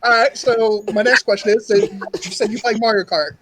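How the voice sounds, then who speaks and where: Male co-host, higher voice, playful interviewer. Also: steady tone, moderate pace, crowd noise, rough recording. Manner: laughing, playful challenger. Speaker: podcast co-host. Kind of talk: casual podcast interview.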